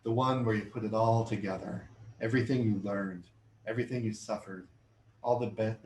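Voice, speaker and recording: Middle-aged guy reading poetry in a bookshop, slow and deliberate, echoey room with faint hum. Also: on the low side, a little mellow. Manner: measured, deliberate reading, chatty and self-amused between poems. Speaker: poet giving a reading. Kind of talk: poetry reading with spoken asides. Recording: roomy hall sound, faint room noise.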